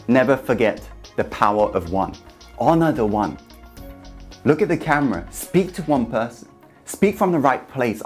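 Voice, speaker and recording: A man giving an earnest, emphatic motivational talk straight to camera, speaking to the viewer as one person. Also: a little high. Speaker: motivational YouTube host. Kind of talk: direct-to-camera coaching talk.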